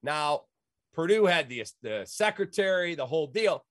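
Lively storytelling man, slightly high voice. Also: moderate pace, no room sound, clean studio sound. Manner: lively, acts out quoted voices. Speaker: guest telling a story. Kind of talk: casual storytelling.

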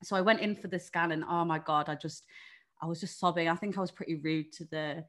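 This young English woman has a low, fairly bright voice with fairly even intonation, and she talks fairly quickly. In casual chat she shares a personal story frankly, peppered with fillers like "like" and "you know" and the odd swear word.

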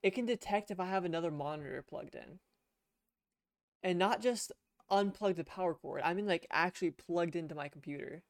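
A man's voice: high voice, a little fast, gravelly, no room sound, clean studio sound. A young man co-hosting a casual podcast, telling a long rambling story with swearing and restarts. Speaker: podcast co-host. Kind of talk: casual chat. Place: home room at a computer. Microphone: headset.

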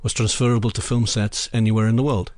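A man's voice: fairly low pitch, flat delivery, quick pace, darkish tone, dry recording. A man who works as a film assistant director and lecturer, a podcast guest telling work anecdotes in an emphatic way and repeating himself for weight. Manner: storytelling, emphatic repetition. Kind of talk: anecdotal interview talk.

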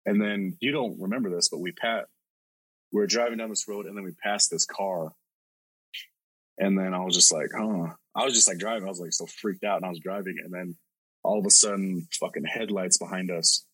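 A man's voice: deep voice, steady tone, fairly quick, fairly bright tone, slightly rough, dry recording, rough recording. A male podcast host telling a story casually, rambling and swearing with lots of filler words.

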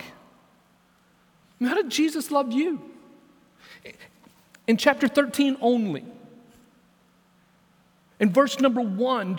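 A man preaching as senior pastor, dramatic, dropping to a hush and then rising to loud, pleading questions. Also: very high-pitched, husky, big-room sound. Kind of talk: sermon.

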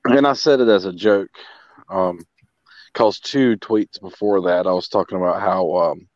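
Man, deep voice, casual rambling chat, dull lo-fi sound, dry. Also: normal speed, darkish tone, no room sound. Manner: rambling, many restarts and fillers. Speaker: podcast co-host.

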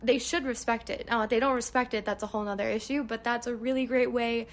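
A woman's voice: a little high, steady tone, fast. A young woman hosting her own podcast, chatting casually and answering listener questions with enthusiasm. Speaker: podcast host. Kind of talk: casual solo podcast monologue.

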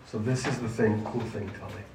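A man preaching a sermon to a junior high group, emphatic and asking the listeners questions. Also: fairly even intonation, brisk, noisy background. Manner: emphatic, asks the audience questions. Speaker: youth pastor. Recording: echoey room, mic at a distance, faint ambience.

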